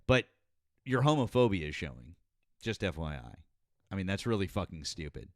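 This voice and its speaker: A man hosting a live call-in politics show, arguing hard with a caller, shouting and cursing, then dropping into low muttered asides. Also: big pitch swings, normal speed, no room sound, studio quality. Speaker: host. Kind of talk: heated call-in debate.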